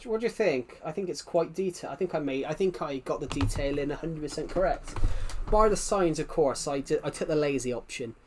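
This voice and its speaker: A man's voice: fairly high pitch, animated, fairly quick, hardly any pauses, a little hiss or hum. A British man chatting casually on a game stream, rambling and repeating himself, his mic set a bit away behind a laptop. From Britain. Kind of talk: casual gaming stream chat.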